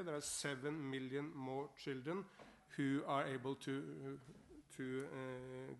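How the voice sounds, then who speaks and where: A middle-aged man from Norway with a Norwegian accent, giving a formal speech to a parliament as guest speaker. He talks in an upbeat way and repeats words while he searches for them. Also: medium pitch. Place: parliament chamber.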